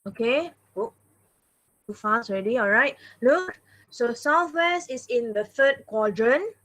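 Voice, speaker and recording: Woman math teacher, patient and repetitive, slightly high voice, online class. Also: expressive, measured pace, a bit bright. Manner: patient, repeats "all right" and "okay" often.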